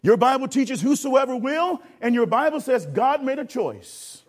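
A man preaching a sermon, addressing the congregation directly and acting out a lifeguard rescue with shouting. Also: very high voice, very animated, normal speed. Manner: calls for audience response.

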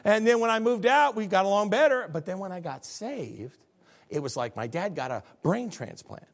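A man's voice: high-pitched, animated, normal speed. A middle-aged male pastor preaching a sermon to a congregation in a conversational, folksy way, full of rhetorical questions. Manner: defines terms one by one in a plain, folksy way. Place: church service before a congregation.

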